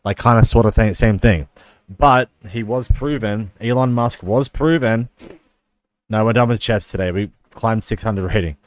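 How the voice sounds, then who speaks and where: A man's voice: fairly low pitch, normal speed, dry recording. A man streaming chess, chatting casually and telling a long profane story full of fillers. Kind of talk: casual stream chat while playing chess.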